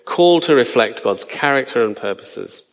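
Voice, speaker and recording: A man's voice: mid-range voice, animated, normal speed, vocal fry, fairly bright tone. Man preaching in a reverberant hall. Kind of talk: sermon.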